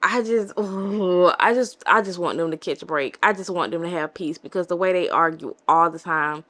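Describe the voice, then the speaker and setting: A young woman chatting casually in a reading vlog, expressive and exasperated, often stopping and restarting her sentences. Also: on the low side. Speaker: book vlogger.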